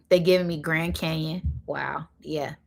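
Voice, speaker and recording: A woman hosting a live spiritual channeling talk, rambling with many fillers and slowing down to stress her points while speaking straight to her viewers. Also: low voice, steady tone, vocal fry. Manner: addresses viewers directly and casually.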